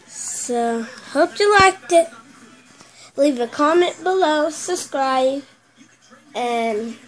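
A woman hosting a casual unboxing video, chatty and excitable, stopping often to correct herself. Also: high-pitched, takes it slowly, soft background music, rough recording. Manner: chatty, excitable, stop-start with many self-corrections. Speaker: video host.

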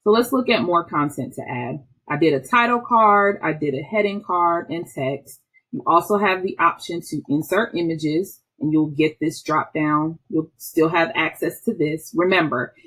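A woman, an instructional technology trainer, walking through software step by step in a patient, explaining way with small restarts. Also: deep voice, breathy edge. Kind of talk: screen-recorded software tutorial.

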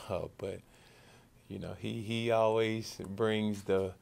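A man's voice: on the low side, flat delivery, takes it slowly, creaky, a little mellow. A man, a football quarterback, answering questions at a press conference in a loose conversational way, often repeating and restarting words. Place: media session after practice.

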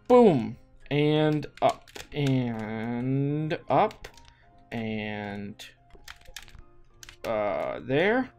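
A man giving let's play commentary, talking to himself as he plays, with lots of repeated words and sudden exclamations. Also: fairly high pitch. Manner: talks to himself with frequent restarts and exclamations. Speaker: gaming YouTuber. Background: faint background music.

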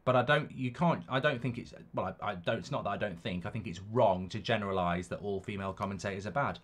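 A man's voice: on the low side, fast talker, a bit bright. A middle-aged man hosts a football watchalong live stream, chatting casually, reading out viewer comments and giving rambling, opinionated answers with many restarts.

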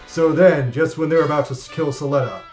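A man hosting a comedic anime review, rambling and jokey in an excitable way. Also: a little high, fairly quick. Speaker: anime reviewer and channel host. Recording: echoey room with faint music.

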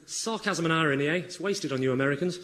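Fast, wry comedian behind a bank counter. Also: male voice, on the high side, echoey room, noisy background. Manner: quick, wry, sarcastic. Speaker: comedian playing a bank clerk. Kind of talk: radio sketch comedy.

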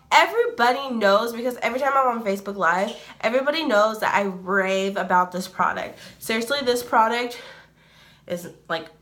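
A woman's voice: medium pitch, sharp tone. A woman in her twenties casually chatting through a skincare review, rambling and laughing often. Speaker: beauty vlogger.

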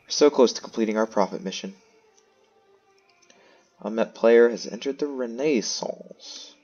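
A man talks through his strategy game in a chatty, think-aloud way, with dry self-mocking asides. His voice sits on the lower side. The recording sounds dull and lo-fi, with soft game music underneath. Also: moderate pace. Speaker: let's play host. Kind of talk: casual gameplay commentary.

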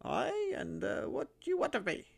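A shrill cringing old miser. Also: male voice, wildly swooping pitch, normal speed, gravelly, full character voice. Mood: fearful wheedling. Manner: high cracking wheedling old voice. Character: old male miser, gnarled and sullen, cringing.

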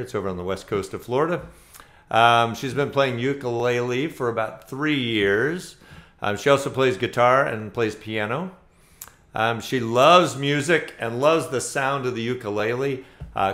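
A man's voice: mid-range voice, fairly bright tone. Easygoing man hosting a ukulele meetup. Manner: easygoing, many ums and uhs. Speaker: host of an online ukulele play-along. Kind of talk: casual spoken introductions. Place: home, online video meetup.

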